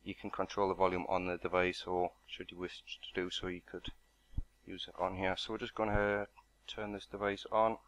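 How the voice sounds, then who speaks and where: Man, deep voice, monotone, matter-of-fact product unboxing narration. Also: moderate pace. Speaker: product reviewer.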